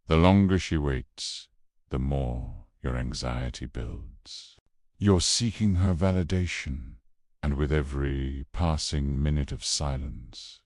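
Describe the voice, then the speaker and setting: A man giving scripted narration in a dramatic, measured storytelling manner with ominous pauses. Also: rumbling low, darkish tone, no room sound, clean studio sound.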